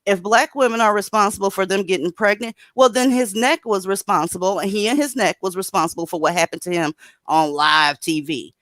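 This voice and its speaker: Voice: mid-range voice, fairly quick, a bit bright, no echo. A livestream host leading a casual call-in chat, blunt and sarcastic, calling panelists in one by one.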